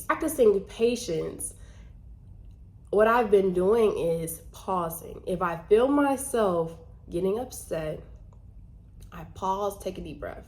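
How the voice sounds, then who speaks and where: A woman's voice: medium pitch, expressive, slow, a little mellow. Chatty woman vlogging about trading. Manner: chatty, many "like" fillers, earnest. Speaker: vlogger and trader. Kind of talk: casual talk to camera.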